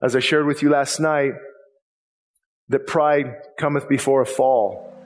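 A man's voice: medium pitch, fairly even intonation, a little slow. A man preaching a sermon as a pastor, impassioned and conversational, often repeating himself as he presses a point. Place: church sanctuary. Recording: long reverb of a church hall.

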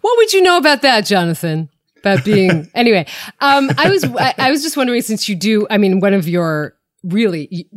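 Female co-host, questions with hesitations, pitch moving a lot. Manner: hesitant, drawn-out phrasing. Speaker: podcast co-host. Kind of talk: interview questions.

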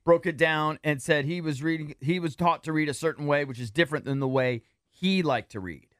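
A male sports radio host, talking in a conversational, animated way and taking calls. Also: fairly high pitch, brisk, no room sound.

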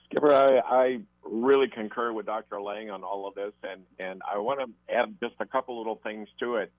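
A man with a fairly low voice gives fitness advice as a radio guest. He rambles through his points and keeps trailing off with "and like that". The sound is thin and phone-like, dry and close. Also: steady tone, moderate pace, no echo. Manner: rambling, fills with "and like that".

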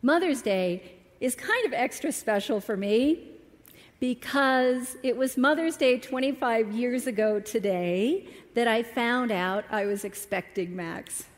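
Slow-spoken woman in reverberant church. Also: on the high side. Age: middle-aged. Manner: earnest, personal storytelling with emotional emphasis. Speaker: guest speaker at a church service. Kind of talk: storytelling talk to a congregation. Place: church sanctuary. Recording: long hall reverb from a church.

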